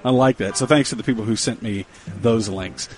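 A man's voice: mid-range voice, brisk, a little mellow, slightly rough, faint music behind. A man hosting a casual radio show, chatting in a playful, joking way. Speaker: radio host.

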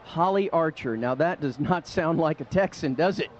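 A man's voice: fairly high pitch, normal speed, lo-fi sound, a little hiss or hum. A man doing a live roaming interview outdoors at a busy event, full of teasing banter.

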